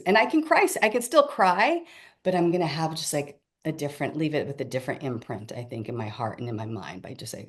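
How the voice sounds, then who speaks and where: A middle-aged woman speaks as a podcast guest, her voice sitting low for a woman. She tells her stories in an earnest, reflective way, often dropping soft and quiet as she thinks aloud. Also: sing-song, fairly quick, breathy edge. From Filipino heritage. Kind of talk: casual podcast chat.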